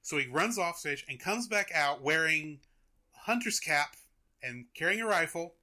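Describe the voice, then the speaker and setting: Young man, podcast host, chatty storyteller, lively pitch, bright tone. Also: normal speed. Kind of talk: casual chat, retelling a cartoon.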